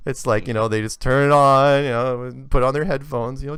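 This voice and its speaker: A man telling an animated, rambling story in casual conversation, with many restarts. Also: medium pitch, fairly quick, clean tone. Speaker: guest speaker.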